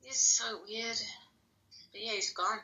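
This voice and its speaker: A woman's voice: fairly high pitch, fairly even intonation, takes it slowly, sharp tone, low-quality recording. A woman in a casual chat, speaking candidly and chattily and swearing freely.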